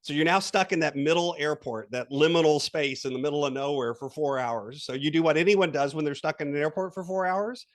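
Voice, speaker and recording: On a podcast interview, a guest coach with a fairly high male voice talks briskly, hardly pausing, as he narrates an imagined scene with lively, animated delivery and quoted voices. Throughout, his tone remains steady and guiding as he coaches the listener.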